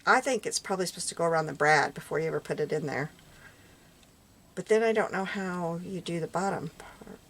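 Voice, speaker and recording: A woman's voice: lowish voice, fairly quick. A woman losing her voice, musing aloud and often dropping to a murmur while she walks through a craft project at home. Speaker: craft vlogger. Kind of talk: casual crafting walkthrough. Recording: clear background noise.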